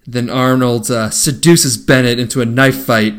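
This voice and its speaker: A man's voice: mid-range voice, fairly even intonation, moderate pace. A man hosting a casual chat, retelling a film with frequent laughs. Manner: laughing, rambling recap. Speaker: podcast host.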